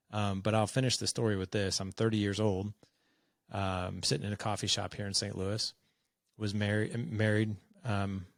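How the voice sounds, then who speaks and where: Frank low-voiced man in his forties. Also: no echo, clean studio sound. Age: 40s. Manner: frank, conversational, acts out dialogue with "I was like". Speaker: podcast guest. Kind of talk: candid personal storytelling.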